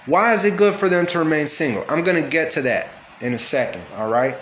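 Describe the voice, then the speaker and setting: A man's voice: fairly high pitch, animated, fairly quick, fairly bright tone. A man teaching a casual Bible study, reading verses aloud and explaining them, often checking in with his listeners. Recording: echoey room with faint background noise.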